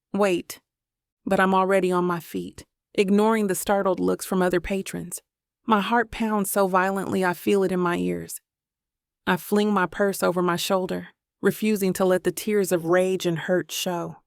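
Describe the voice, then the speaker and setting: A woman narrating a romance audiobook in the first person, telling it in a slow, deliberate way. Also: fairly low pitch, flat delivery, gravelly, dry recording, studio quality.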